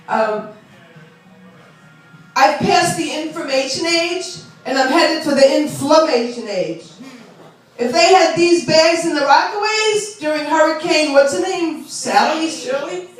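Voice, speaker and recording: A woman's voice: sits high, lively intonation, takes it slowly, pauses often, faint music behind. A woman doing a chatty, self-deprecating stand-up set and teasing the audience. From Long Island, New York. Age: 60s. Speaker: stand-up comedian. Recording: echoey club room from far off.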